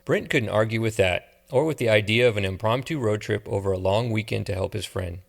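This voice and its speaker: A man giving steady, measured audiobook narration. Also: on the low side, gravelly. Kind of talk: scripted narration.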